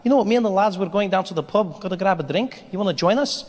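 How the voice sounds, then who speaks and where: A man's voice: sits high, quick pace, a little mellow, pitched above the performer's own voice. A man voicing a cheery Scottish male friend with a Scottish accent, coaxing and breezy. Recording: reverberant hall, faint ambience.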